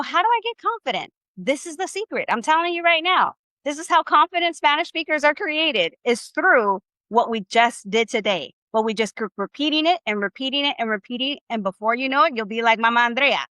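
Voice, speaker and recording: A woman's voice: a little high, bright, forceful tone, no echo. A woman teaching a live online Spanish class over a video call. She is upbeat and encouraging, and she mixes casual slang into her teaching.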